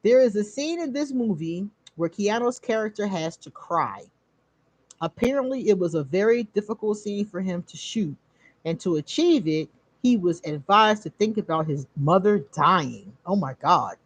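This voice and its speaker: A woman, hosting a casual live stream where she reads cards for viewers, animated and quick to laugh. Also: medium pitch, no echo. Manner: animated, laughs often, drawn-out emphasis. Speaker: host doing card readings for viewers.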